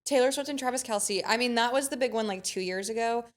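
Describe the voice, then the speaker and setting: A woman's voice: a little high, fast. A young woman co-hosting a podcast in casual chat, upbeat and giggly, gushing about pop culture. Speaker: podcast co-host.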